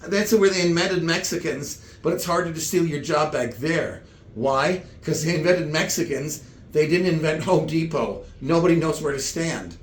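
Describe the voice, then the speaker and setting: A man telling comic stories in meandering, halting chat full of restarts. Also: a little high, roomy sound, a little hiss or hum. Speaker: comedian. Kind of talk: rambling comedic chat.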